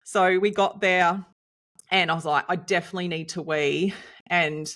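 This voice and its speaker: An Australian woman co-hosting a podcast, telling a story in a lively, chatty way and laughing often. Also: lowish voice, moderate pace. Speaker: podcast co-host and nutritionist. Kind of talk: casual storytelling chat.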